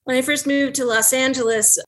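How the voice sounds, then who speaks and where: A middle-aged woman talks as a guest in a casual interview, bubbly and quick to laugh. Her voice sits fairly high for a woman. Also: fairly even intonation, a crowd in the background, rough recording.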